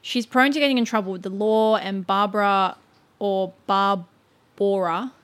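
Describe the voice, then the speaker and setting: Woman, podcast co-host, casual storytelling, mid pitch, filler-heavy, chatty. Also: normal speed. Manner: stumbles over names and asides.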